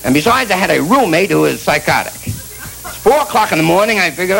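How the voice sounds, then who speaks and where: A male comedian rambles through an irreverent stand-up routine, often restarting and going off on asides. His voice is gravelly and sits a little high for a man. His pitch swings widely as he talks. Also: big pitch swings, fairly quick, fairly bright tone, faint music behind, low-quality recording.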